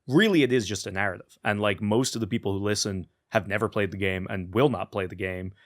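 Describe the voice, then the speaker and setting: A man's voice: fairly low pitch, quick pace. A man chatting loosely as a podcast guest, joking and swearing freely. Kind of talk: casual conversation.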